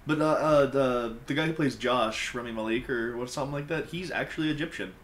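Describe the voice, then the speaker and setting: A man hosting a casual gameplay video, chatting in an animated, rambling, jokey way with lots of fillers. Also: medium pitch, brisk, a little hiss or hum. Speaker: let's play host.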